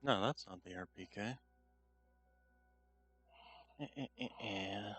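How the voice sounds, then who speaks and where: A man's voice: on the low side, takes it slowly, long pauses, a bit bright, slightly rough, soft background music. A man streaming a shooter game, chatting casually and talking to his cat between game remarks. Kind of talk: casual gameplay commentary.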